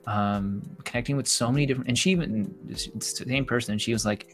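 A man's voice: medium pitch, quick pace, hardly any pauses, soft background music. A young man co-hosting a podcast, talking casually and reflectively, rambling and acting out what others told him. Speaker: podcast co-host. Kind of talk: casual chat.

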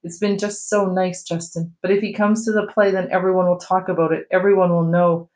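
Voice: medium pitch, flat delivery, a little fast, a little mellow, close to an everyday voice. A reader voicing an upset, defensive teenage girl in a book read aloud.

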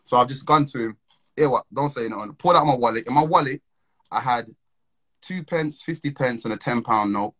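A young man tells a personal story in a relaxed, slang-heavy way, often breaking into laughter. His voice sits at an ordinary middle pitch. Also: a little fast, rough recording. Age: young adult. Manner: slangy, animated, laughs between phrases. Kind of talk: casual storytelling chat.

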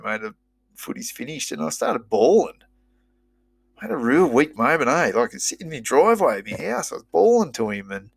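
Gravelly Australian man, sweary and blunt. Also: on the low side, a bit bright, dry recording. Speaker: former rugby player. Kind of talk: casual storytelling.

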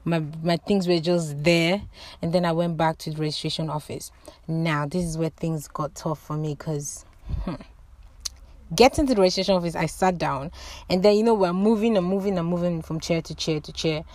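A young woman in her twenties vlogging, telling a story to her viewers in a dramatic, animated way, with loud exclamations and casual swearing. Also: on the low side, normal speed, no echo.

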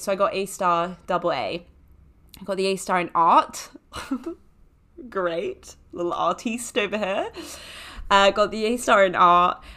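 A woman's voice: mid-range voice, a bit bright. Young woman, podcast host, chatty storyteller, heavy on "like" fillers, jokes at her own expense. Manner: rambling, filler-heavy with lots of "like", self-mocking jokes. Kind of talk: casual anecdotal storytelling.

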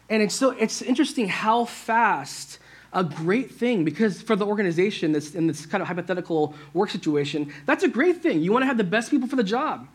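A male pastor delivers a sermon with a fairly high voice. He keeps it conversational, often checking in with his listeners and speaking to them directly. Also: animated, a little fast, slightly rough. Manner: conversational, asks the church "right?".

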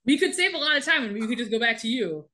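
A woman's voice: on the high side, fast talker. A woman co-hosting a podcast, casually recapping a TV episode and laughing often as she talks. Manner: animated, laughs often while telling. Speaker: podcast co-host. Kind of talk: casual chat recapping a TV show.

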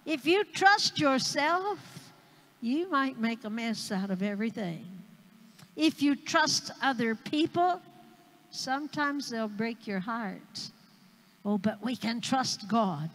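A woman's voice: fairly high pitch, lively intonation, slow pace, fairly bright tone. A woman missionary evangelist preaching a sermon, emphatic and repeating key phrases for the congregation. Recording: long hall reverb.

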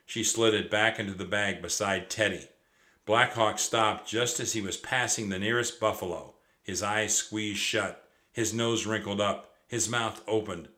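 Low, forceful male voice reading a children's chapter book aloud, expressive delivery with slight stumbles. The tone stays bright and firm. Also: measured pace. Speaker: narrator. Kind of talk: children's storybook read aloud.

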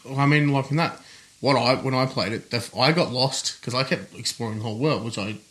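A man's voice: mid-range voice, fairly bright tone. Chatty teasing man. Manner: chatty, teasing, quick to laugh. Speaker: podcast co-host. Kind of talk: casual chat.

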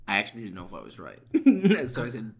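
A man's voice: on the low side, huge pitch swings, fast talker, vocal fry. A man hosting a podcast, telling a rambling story and joking in casual chat. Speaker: podcast host.

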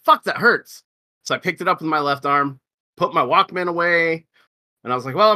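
A man in his thirties, a podcast co-host telling a story in casual chat, swearing and acting out quotes in a high voice. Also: sharp tone.

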